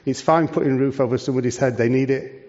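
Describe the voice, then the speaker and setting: A man's voice: medium pitch, fairly even intonation, fast talker, a little mellow. A man, a charity leader giving a preaching talk to a church, conversational and full of rhetorical questions. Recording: dull lo-fi sound.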